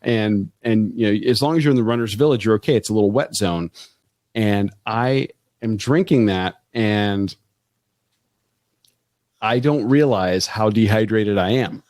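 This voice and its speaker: Chatty man, low voice, dry sound. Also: unhurried, darkish tone, no echo. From Florida, USA. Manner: chatty storyteller, frequent restarts. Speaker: podcast co-host. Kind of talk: casual chat.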